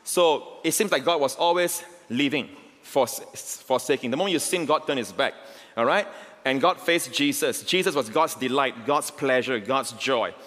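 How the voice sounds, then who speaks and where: A male pastor preaching a sermon, emphatic and swelling to near shouts, often checking in with the congregation. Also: medium pitch, normal speed. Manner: emphatic, rising to near shouts on key lines; repeats call-outs to the congregation. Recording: long hall reverb.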